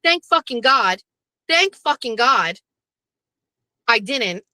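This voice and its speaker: A woman's voice: fairly high pitch, animated, takes it slowly, pushed and bright, no echo, low-quality recording. Blunt, profane woman venting in a car. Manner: blunt, profane, rambling with restarts. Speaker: host. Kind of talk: candid venting monologue. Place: parked car.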